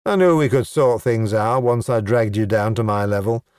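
A man's voice: lowish voice, normal speed, darkish tone, smooth, no echo, studio quality, lightly acted. Mordak, a sly goblin chieftain, as a man reads him. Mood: exasperated. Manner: wry, exasperated, sardonic.

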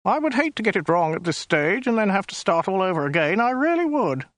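A man's voice: high voice, very animated, a little fast, a bit bright, no room sound, pitched above the performer's own voice. A man doing Wowbagger, a weaselly alien. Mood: prim. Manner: prim, fussy, officious. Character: small weaselly male alien, petty and pedantic. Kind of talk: audiobook character voice.

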